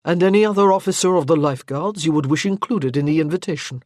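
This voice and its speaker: A narrator voicing a suave, courtly earl. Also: male voice, on the high side, fast talker, a little mellow, no room sound, studio quality, lightly acted. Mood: courteous. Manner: smooth and courteous. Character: suave charming male earl, a rake.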